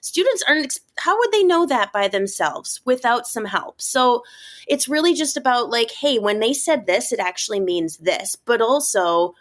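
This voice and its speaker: A woman's voice: a little high, moderate pace. A woman teacher in her thirties or forties, a podcast guest who talks casually and animatedly, acting out her students. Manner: animated, acts out student voices. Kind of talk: casual interview chat.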